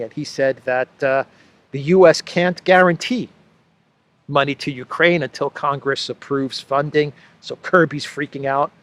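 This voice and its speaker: A man hosting a solo political commentary show, talking sarcastically and repeating phrases for effect. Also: on the high side.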